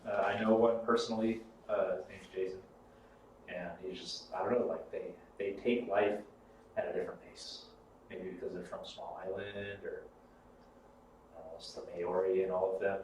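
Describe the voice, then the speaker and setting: A man's voice: deep voice, level tone, normal speed, a little mellow, slight background noise. Rambling man in an echoey room. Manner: rambling, swears freely. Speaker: podcast co-host. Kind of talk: casual chat. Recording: echoey room, mic far off.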